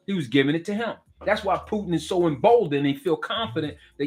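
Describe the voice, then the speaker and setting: A man's voice: high-pitched, animated, fairly quick, few pauses, a little mellow. A middle-aged man, delivering a heated political rant. He preaches with fire, repeats himself and throws direct questions at the listener. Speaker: political commentator.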